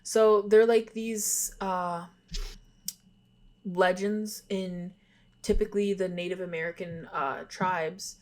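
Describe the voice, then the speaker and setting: Young woman podcast cohost, lowish voice, reading creepy stories, giggles and says sorry a lot. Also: steady tone, slow pace, darkish tone. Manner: giggly, apologetic about stumbles while reading. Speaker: podcast co-host. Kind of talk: reading spooky stories aloud, casual chat.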